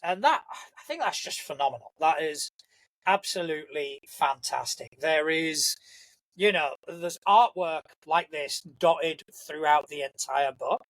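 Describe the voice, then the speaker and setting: A man's voice: on the high side, a little slow, a bit bright, dry recording, rough recording. A young man hosting a casual solo podcast, rambling and enthusiastic, swearing freely. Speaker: podcast host.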